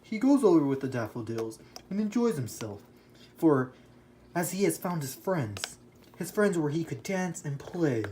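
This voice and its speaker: A man's voice: fairly high pitch, big pitch swings, a little slow, dark tone, a little hiss or hum. A man playing an earnest male romantic poet who speaks as a guest in a lecturing, explanatory way. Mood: explaining.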